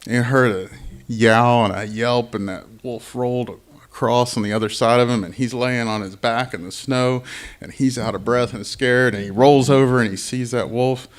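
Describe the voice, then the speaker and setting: A man, telling a spooky folk horror tale live on stage, dropping to whispers and rising to bold, loud moments. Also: fairly even intonation, moderate pace. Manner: dynamic, drops to whispers for suspense and booms for action. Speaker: storyteller.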